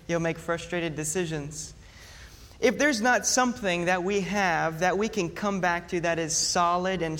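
High-voiced preacher in a ringing hall. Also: male voice. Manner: animated storytelling with mock panic. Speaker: pastor. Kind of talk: sermon. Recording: long hall reverb.

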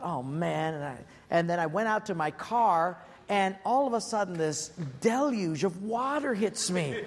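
Male pastor, storytelling sermon, higher voice, long hall echo. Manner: animated storytelling with many fillers. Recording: long hall reverb, faint ambience.

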